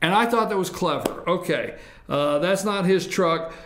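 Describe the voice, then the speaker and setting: A man's voice: high voice, moderate pace, echoey room, noisy background. A man hosting a morning talk show, chatting casually about politics and repeating himself when pressing a point.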